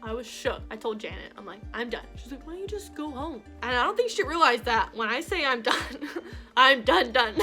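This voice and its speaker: Bright-voiced young woman telling a storytime. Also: fairly high pitch, brisk, soft background music. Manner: animated, exasperated storytelling with mimicked voices. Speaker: vlogger. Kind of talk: casual storytime.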